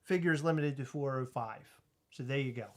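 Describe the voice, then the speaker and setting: A man hosting a casual livestream, cracking jokes and rambling through thank-yous. His voice sits at an ordinary middle pitch. He mentions he is in back pain. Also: fairly quick, noisy background. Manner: joking, rambling, self-deprecating. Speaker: host.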